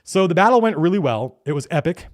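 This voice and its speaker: Excited man recounting a tabletop game. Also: a little high, quick pace. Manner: excited, animated storytelling with restarts and profanity. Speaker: game master recounting a session. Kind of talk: casual campaign diary monologue.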